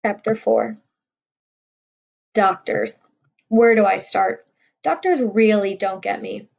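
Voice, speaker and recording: A woman's voice: medium pitch, takes it slowly, vocal fry, darkish tone, muffled recording. A woman reading a novel aloud in a wry first-person storytelling voice. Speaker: audiobook reader.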